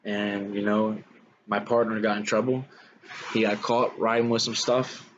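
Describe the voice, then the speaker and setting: Casual storyteller, young man, low flat voice, rambling with fillers, slightly dull recording with faint hiss. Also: a little slow. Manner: rambling, frequent fillers like "man" and "you know". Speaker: guest telling his life story.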